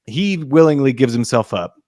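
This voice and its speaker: A man's voice: medium pitch, animated, moderate pace, a little mellow, dry recording. A man with an ordinary mid-range voice gushes about films in a loose, rambling way, full of "like" and restarts. The sound is close and dry. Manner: enthusiastic, rambling, many fillers and restarts. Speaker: podcast co-host. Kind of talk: casual film discussion.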